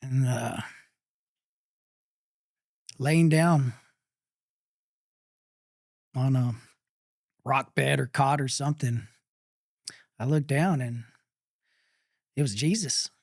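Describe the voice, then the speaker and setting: Slow, halting man from Texas. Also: medium pitch, gravelly, a little mellow, no echo, studio quality. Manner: halting, with many pauses and fillers. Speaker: pit master guest. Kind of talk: interview storytelling.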